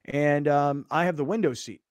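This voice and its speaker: A man's voice: a little high, normal speed, no room sound. A man hosting a talk show, telling a rambling story and acting out the people in it. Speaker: radio show host.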